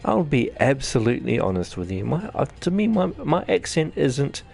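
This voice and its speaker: A man's voice: mid-range voice, sing-song, moderate pace, gravelly, darkish tone. A man with a New Zealand accent giving rambling, jokey let's-play commentary as host of his gaming channel. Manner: rambling, jokey, self-deprecating chatter.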